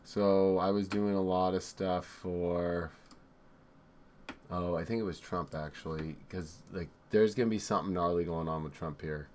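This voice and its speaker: A man hosting a live astrology show, talking in a rambling, excitable and profane way, swinging from loud outbursts to low mutters. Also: moderate pace, a little hiss or hum. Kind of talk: live-streamed casual astrology talk.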